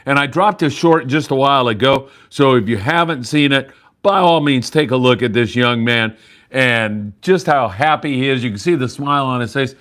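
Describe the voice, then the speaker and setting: A man's voice: mid-range voice, moderate pace, a bit bright. Chatty man hosting a live fishing report. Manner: chatty, upbeat, rambling with fillers. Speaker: fishing show host. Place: sportfishing landing.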